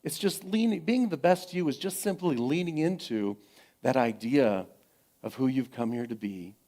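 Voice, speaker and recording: A middle-aged man preaches a sermon to his congregation at a spiritual center. His voice sits at an ordinary pitch for a man, and he repeats his phrases softly and encouragingly, pausing often between thoughts. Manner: gentle, repetitive encouragement with frequent pauses. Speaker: pastor.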